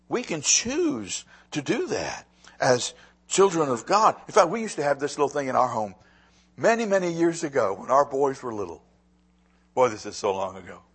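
A middle-aged male pastor with a slightly husky, somewhat raised voice delivers a sermon. His pitch leaps around as he preaches, swinging from loud emphasis to near-hushed asides, and he repeats words as he presses a point.

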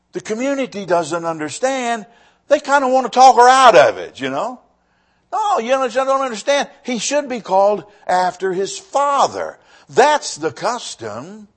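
A male pastor with a high voice preaches a sermon emphatically, often repeating his words and swinging between raised and hushed phrases.

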